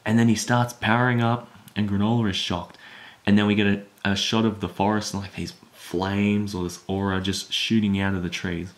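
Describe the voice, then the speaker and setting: Low-voiced man rambling through a recap. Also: normal speed. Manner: rambling, many fillers, retells scenes excitedly. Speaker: manga recap YouTuber. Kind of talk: casual spoken recap.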